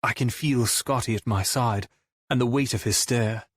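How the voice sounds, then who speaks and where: A man narrating a romance audiobook in the first person with a brooding, low-key delivery. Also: normal speed.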